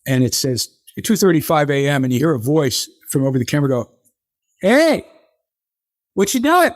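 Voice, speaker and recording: An older man, a guest in an interview, telling animated stories and acting out the people he quotes. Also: mid-range voice, fast, dry recording, clean studio sound. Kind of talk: conversational interview storytelling.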